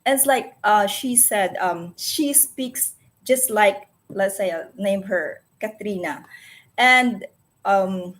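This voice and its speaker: Filipina lady vlogging, talks slow, keeps stopping to find the right word. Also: mid-range voice, a bit bright. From Philippines. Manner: hesitant, searching for words with many restarts. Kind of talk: casual talk to camera.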